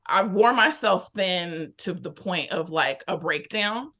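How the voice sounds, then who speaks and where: Candid, animated woman telling a story. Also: fairly low pitch, slow pace. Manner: animated, candid, lively retelling with quoted inner thoughts. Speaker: guest. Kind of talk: casual conversational storytelling.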